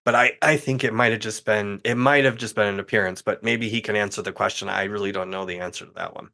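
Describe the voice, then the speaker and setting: A man's voice: fairly low pitch, steady tone, fast, bright, forceful tone. A man guesting on a podcast, chatting casually and thinking aloud candidly. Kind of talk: casual chat.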